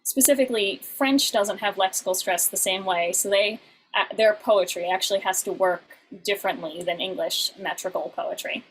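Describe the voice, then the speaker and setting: A woman's voice: mid-range voice, normal speed, slight background noise, poor audio. A woman teaching a lesson on song lyrics over an online class, explaining patiently with many fillers and restarts.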